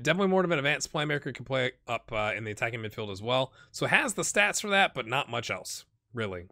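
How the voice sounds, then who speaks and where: A man with a slight cold talks through his game in a loose, chatty let's play style, thinking out loud and dropping dry little jokes. His voice sits in a middle range but has a bright, forceful edge. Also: mid-range voice. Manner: chatty, thinking aloud, wry asides. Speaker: game commentator. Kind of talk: casual let's play commentary.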